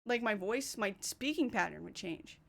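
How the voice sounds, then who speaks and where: A woman's voice: medium pitch, expressive, normal speed, vocal fry, a bit bright. A young Canadian woman streaming, chatting casually in a rambling, self-interrupting way with a Canadian accent. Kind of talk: casual chat.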